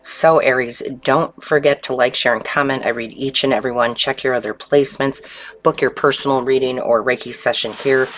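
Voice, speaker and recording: A woman giving an intuitive tarot reading in a calm, unhurried way, often checking in with the listener. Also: rumbling low. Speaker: tarot reader.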